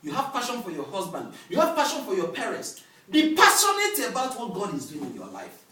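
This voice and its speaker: A male pastor preaching a sermon with lively call-and-response, recorded in a church hall from a distance. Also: sits high, brisk. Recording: echoey hall, distant mic, faint noise.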